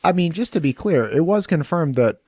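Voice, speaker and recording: A man's voice: a little high, expressive, warm tone, no echo, studio quality. Male podcast host asking follow-ups. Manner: quick interjections, probing follow-ups. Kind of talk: casual interview chat.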